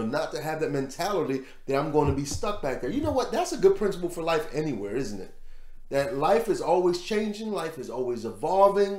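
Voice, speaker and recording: A man's voice: a little high, darkish tone, reverberant. A man giving casual, rambling commentary on a news story as host of his own show, repeating words as he goes. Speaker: vlog host.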